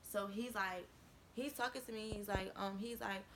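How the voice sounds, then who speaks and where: A young woman tells a storytime in loose, animated slang, swearing freely as she goes. Her voice is bright and forceful, and a faint low rumble hums behind her. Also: a little fast, rough recording. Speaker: vlogger. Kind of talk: casual storytime.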